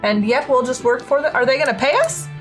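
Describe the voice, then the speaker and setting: A woman's voice: sits high, quick pace, soft background music. A woman playing in a tabletop game, reacting and questioning expressively. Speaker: player. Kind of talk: tabletop game role-play chat.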